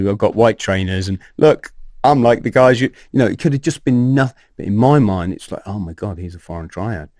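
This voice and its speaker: A man in his fifties tells a tale as a podcast guest. His voice sits low, and the sound is dry and close. He acts out what others said and swears without a second thought. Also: no echo. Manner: animated, acts out quoted dialogue, swears casually. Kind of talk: storytelling in an interview.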